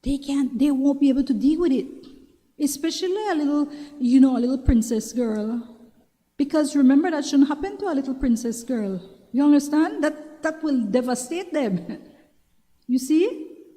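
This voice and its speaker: A woman's voice: high-pitched, expressive, moderate pace, warm tone. A woman with a Belizean accent hosting a talk show, giving casual advice in a chatty way, often repeating herself and asking if you understand. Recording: long reverberant room sound.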